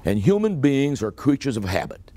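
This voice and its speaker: Lively older man telling a funny story. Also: mid-range voice, moderate pace, no echo. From United States. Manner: folksy, punchy delivery with acted-out dialogue. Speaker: after-dinner speaker. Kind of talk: humorous storytelling speech. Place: club meeting hall.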